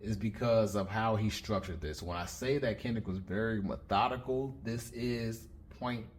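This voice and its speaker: A man with a lowish voice talks through his commentary casually, laying out one point after another. He often stops and restarts mid-sentence as he works through his explanation. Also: moderate pace, slight background noise. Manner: methodical, explains step by step with frequent restarts. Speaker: host of a lyric breakdown channel.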